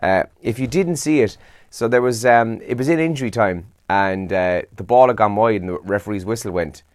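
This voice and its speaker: A man's voice: lowish voice, normal speed, a little mellow, no echo, clean studio sound. A young Irish man hosting a breakfast radio show, reading the morning papers and chatting casually, tired and yawning. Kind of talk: casual newspaper and trends roundup.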